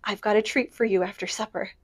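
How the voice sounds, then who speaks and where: A woman's voice: medium pitch, fairly even intonation, fast, breathy edge, lightly acted. A woman voicing a cheerful, motherly middle-aged woman who talks affectionately. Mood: fond.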